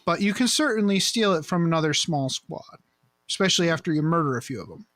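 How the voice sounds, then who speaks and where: A man with a high voice chats casually on a podcast. He is playful and quick with jokes. The recording is dry and close. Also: expressive, a bit bright, dry recording. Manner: jokey, playful asides. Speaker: podcast co-host. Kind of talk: casual chat.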